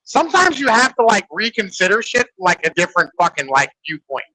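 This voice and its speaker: A man with a high, bright voice talking in loose podcast banter, packed with swearing and "like" fillers. The sound is dry and close, with no room in it. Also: big pitch swings, fairly quick, no echo, poor audio. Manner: rambling, profane, filler-heavy ("like", "right?"). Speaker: podcast host. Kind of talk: casual podcast chat.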